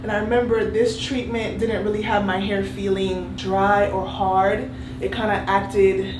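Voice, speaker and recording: A woman chatting casually through her hair-washing routine as a vlogger, candid and relaxed. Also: medium pitch, unhurried, roomy sound, over music. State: out of breath. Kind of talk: casual vlog talk. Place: bathroom shower.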